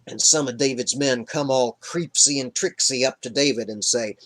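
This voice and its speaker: A man's voice: mid-range voice, moderate pace, fairly bright tone. A man hosting a live stream, retelling a Bible story in an irreverent, joking way. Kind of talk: casual comic Bible retelling.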